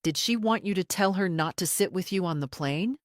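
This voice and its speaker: A woman voicing a female attorney cross-examining a witness, calm, precise and relentless. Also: fairly low pitch, brisk, dry recording, clean studio sound, pitched above the performer's own voice, close to an everyday voice. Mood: cold.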